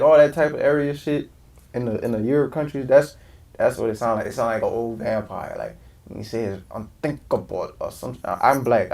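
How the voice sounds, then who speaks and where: A man streaming and reacting live in casual chat, talking in loud, profane slang. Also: mid-range voice, creaky.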